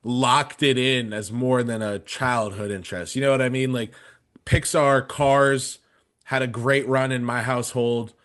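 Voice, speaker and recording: A man's voice: mid-range voice, steady tone, a little slow, fairly bright tone. A man in his twenties casually telling a story on a podcast, rambling with many fillers and restarts. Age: 20s. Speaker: podcast panelist.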